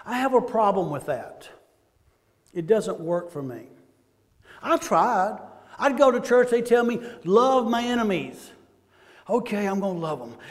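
A man's voice: high voice, a little mellow. Southern man preaching in a reverberant church. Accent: Southern American. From American South. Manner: conversational, asks the congregation questions. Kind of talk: sermon.

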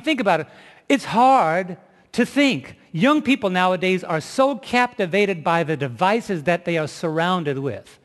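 A man's voice: fairly high pitch, fairly bright tone, big-room sound. A man preaching a sermon, telling a story with emphasis and asking the audience questions.

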